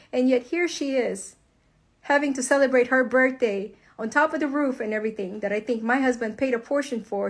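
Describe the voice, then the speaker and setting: A woman, very angry, giving a heated, profane rant to viewers about her husband. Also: a little high. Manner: heated, profane, emphatic, addresses viewers as guys. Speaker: wife speaking out online. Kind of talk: angry personal rant to camera.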